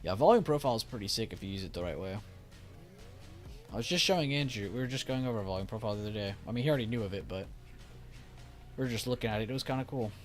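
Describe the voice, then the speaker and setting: A man's voice: lowish voice, animated, very fast, pauses often. A young man casually chatting on a stock trading live stream, reading chat and talking loosely with restarts. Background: faint music.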